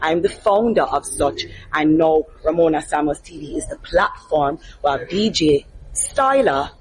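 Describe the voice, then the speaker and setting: Lively woman hosting in a noisy room. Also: sits low. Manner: lively, talkative, quick to hype sponsors and guests. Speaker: host and interviewer. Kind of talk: casual on-the-spot interview. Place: backstage media room at a music festival.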